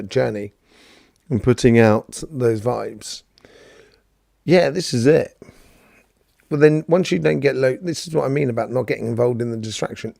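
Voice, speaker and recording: Gravelly, mellow man, rambling chat. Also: medium pitch, no echo, studio quality. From London, England. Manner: rambling, chatty, greets viewers by name, many fillers. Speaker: host of a live Q&A stream. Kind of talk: casual spiritual talk answering viewers.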